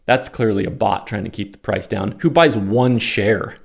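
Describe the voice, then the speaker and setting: A man's voice: fairly low pitch, moderate pace, vocal fry. A man talking in a casual, opinionated rant, exasperated and sarcastic, then calling out live stock trades. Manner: opinionated, exasperated, sarcastic, with mocking put-on voices. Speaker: stock day trader and commentator. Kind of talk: casual ranting monologue.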